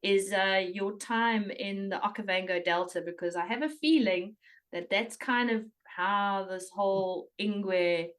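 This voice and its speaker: A woman's voice: mid-range voice, unhurried, far from the mic. A woman hosting a podcast interview, reading an introduction and asking questions. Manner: reads intro, then asks questions. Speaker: podcast host.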